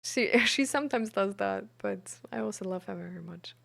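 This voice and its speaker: A woman streamer and peer support coach, chatting frankly and reflectively with her audience, pausing often with fillers. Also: mid-range voice, animated, creaky, a bit bright. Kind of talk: casual live-stream chat about mental health.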